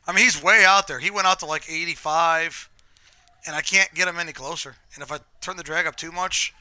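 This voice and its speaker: A man's voice: a little high, steady tone, a little fast, pushed and bright, clear, resonant tone, dry recording. A man chatting casually on a live game stream, telling rambling, profane stories while he plays.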